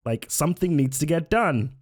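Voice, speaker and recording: Brief: man doing reaction commentary, sarcastic and mocking, fairly high voice. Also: expressive, moderate pace.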